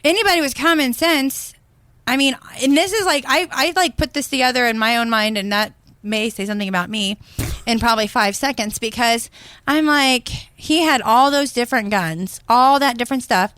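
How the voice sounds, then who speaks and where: A woman's voice: a little high, normal speed, fairly bright tone, no room sound. A woman co-hosting a podcast, talking in a blunt, rambling way with lots of fillers. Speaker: podcast co-host. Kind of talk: casual opinionated chat.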